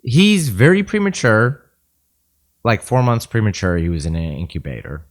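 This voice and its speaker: A man in a mid-pitched voice with a lively, swinging intonation tells stories in relaxed podcast banter. He speaks earnestly and keeps pressing his point. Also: normal speed. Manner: earnest anecdotal storyteller. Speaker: podcast co-host. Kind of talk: casual podcast chat.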